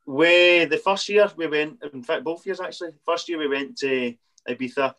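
A man's voice: fairly high pitch, moderate pace, a bit bright. Laid-back Scottish man saying "aye". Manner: laid-back recounting, says "aye" a lot. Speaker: footballer guest. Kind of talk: casual chat.

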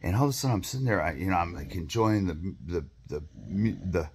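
A man's voice: sits low, lively intonation, quick pace, darkish tone, husky. A man telling a rambling, profane story to camera, full of fillers, restarts and asides. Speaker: vlogger.

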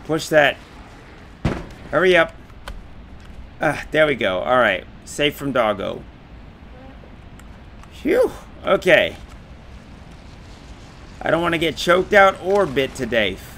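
A man's voice: a little high, very animated, slow, pauses often, slight background noise. A man giving casual commentary while playing a game, swearing often and yelping when startled. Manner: swears a lot, yelps and shouts when startled. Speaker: game streamer.

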